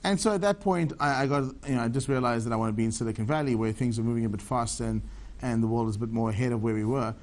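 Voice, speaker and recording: A man's voice: mid-range voice, racing, darkish tone. A South African man in his thirties, a tech entrepreneur giving eager, rambling answers in a TV business interview.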